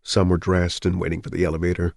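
A man with a very low, deep voice reads a novel aloud as an audiobook. His delivery is even and measured, and the recording is close and dry with no room echo. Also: vocal fry. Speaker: narrator. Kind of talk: scripted audiobook narration.

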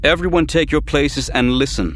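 A man voicing a young woman administrator in an audiobook, giving loud, firm commands. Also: on the high side, normal speed, a little hiss or hum, pitched above the performer's own voice, natural voice. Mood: commanding. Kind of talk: audiobook character voice.

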